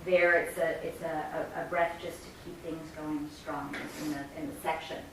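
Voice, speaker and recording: Teaching her singers about rhythm and breathing, a choir director sings demonstration phrases in a rehearsal room. Her low voice stays fairly flat in pitch at a moderate pace. The recording is distant and echoey, with faint ambience and slight hiss or hum.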